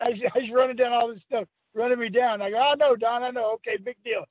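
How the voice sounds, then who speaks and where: An older man calls in over a tinny phone line. His voice sits high and husky. He rambles through stories, acting out the other people's lines and breaking into laughs. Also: fairly even intonation, brisk, no room sound. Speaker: interview guest, former wrestler. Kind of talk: storytelling anecdote.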